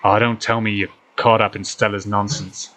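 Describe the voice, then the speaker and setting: A man voicing a gruff, protective older man with an American Southern accent, loud and drawling, in a game playthrough. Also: fairly low pitch, flat delivery, normal speed, lightly acted. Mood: scolding.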